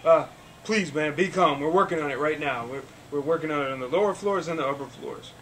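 A man's voice: fairly high pitch, a little fast, fairly bright tone, far from the mic, lightly acted. A man voicing another man who firmly reassures a crowd, in a noisy room recording. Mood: reassuring. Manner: firm, reassuring. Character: adult man calming a crowd by a stuck elevator.

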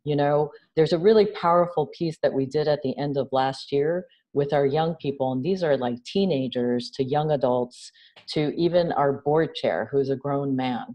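A woman from New York City speaking as an interview guest, animated and conversational, often checking in with "right?". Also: sits low, normal speed. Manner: animated, acts out quoted dialogue, frequent "right?". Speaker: interview guest, nonprofit founder.

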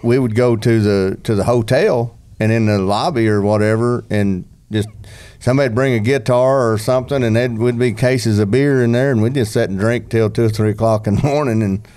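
A man's voice: mid-range voice, steady tone, a little fast, dark tone, clean tone. A man, a former bull rider telling a rambling story on a podcast, full of restarts and country slang.

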